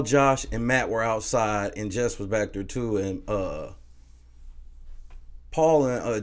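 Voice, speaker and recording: A man recapping events in a loose, casual way, cursing freely and laughing at the funny parts. His pitch sits in an ordinary middle range for a man. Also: darkish tone. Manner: casual, profane, laughs while recounting. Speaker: show recap host. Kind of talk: casual reality-show recap.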